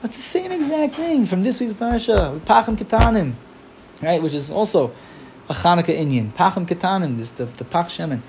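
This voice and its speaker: A man's voice: high voice, sing-song, fairly quick, darkish tone, slight background noise. A man teaching an informal religious class in a chatty, loose way, often acting out little quotes. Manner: chatty, full of "like", acts out quotes. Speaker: Torah teacher.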